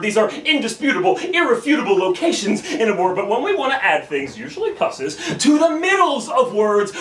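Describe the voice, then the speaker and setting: A man's voice: sits high, a bit bright, echoey room, distant mic. A man with an American accent performing slam poetry on a bar lounge stage, rhythmic, emphatic and profane. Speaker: performance poet.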